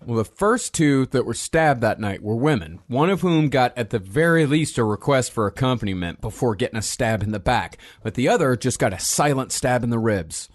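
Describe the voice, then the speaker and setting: A man's voice: medium pitch, animated, normal speed, hardly any pauses. A man hosting and narrating a comedic true-crime podcast, recounting case facts steadily with wry asides. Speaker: host and narrator.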